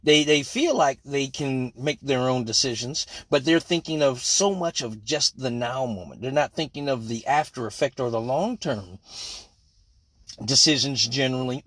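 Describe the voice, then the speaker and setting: A man's voice: medium pitch, fairly bright tone, dry recording. A man hosting a live stream, talking bluntly and profanely in casual chat.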